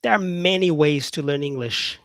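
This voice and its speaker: A man's voice: fairly high pitch, normal speed, fairly bright tone. Upbeat man. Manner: upbeat and encouraging, repeats phrases, reads out viewer comments. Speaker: English teacher, live stream host. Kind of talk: casual live-stream chat answering comments.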